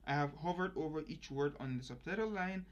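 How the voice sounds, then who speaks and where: A young man chatting casually about his own learning, rambling with many fillers and restarts and sudden excited bursts. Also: on the high side, brisk. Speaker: language learning vlogger. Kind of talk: casual reflective monologue. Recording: muffled lo-fi audio.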